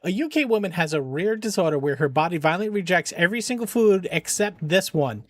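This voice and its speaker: Streaming games for charity, this man talks casually with his viewers and his dog, chatty as he addresses both the dogs and the chat. His voice sits high with lively intonation, he speaks fast, and there's no echo.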